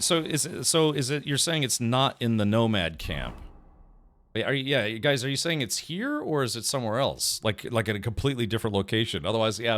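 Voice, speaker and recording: A man's voice: mid-range voice, fairly bright tone. A man streaming a game, chatting casually, thinking aloud and answering his chat. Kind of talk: casual gameplay commentary.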